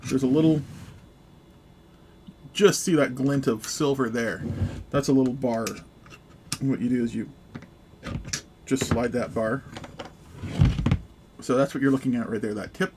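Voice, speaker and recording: A man's voice: medium pitch, measured pace, pauses often. A man with a mid-range voice walks viewers through a hands-on repair at a workbench, speaking casually and hesitantly with plenty of ums and little jokes. A faint hum sits under his voice. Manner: relaxed, joking, hesitant with fillers. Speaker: gun repair video host. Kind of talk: casual how-to demonstration.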